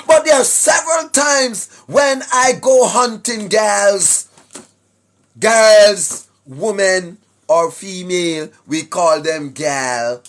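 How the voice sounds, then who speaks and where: High-pitched slow-talking Jamaican man. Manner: emphatic, often shouting, tags lines with "right?". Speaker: online commentator. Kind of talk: preachy monologue to viewers.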